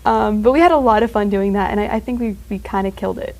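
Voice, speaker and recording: A teenage girl chats as a guest on a student talk show. She rambles loosely, stringing her thoughts together with fillers and quick laughs, in a voice at an ordinary middle pitch. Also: darkish tone, low-quality recording. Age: teens. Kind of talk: casual chat.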